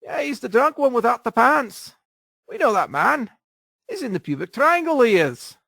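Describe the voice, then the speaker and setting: A man putting on a gravelly Scottish pub local. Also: extremely high pitch, sing-song, normal speed, a bit bright, no echo, clean studio sound, voice pushed up, exaggerated voice. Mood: mocking. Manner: teasing, exaggerated.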